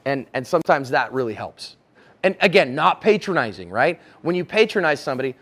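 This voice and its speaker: A man lecturing at a conference on handling conflict, his voice sitting a little high for a man. He talks casually and slips into little role-plays, playing both people in each exchange. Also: expressive, quick pace, a bit bright. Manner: casual, acts out both sides of example conversations. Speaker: self-defense instructor. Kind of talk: conference talk with acted role-play. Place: conference room.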